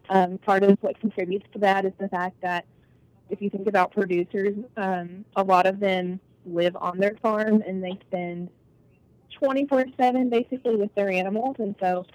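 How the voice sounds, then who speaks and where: A woman speaks earnestly and thoughtfully in a casual podcast chat, with plenty of fillers. Her voice is mid-pitched. The sound is dry and close. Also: dry recording, rough recording. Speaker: guest, agriculture academic.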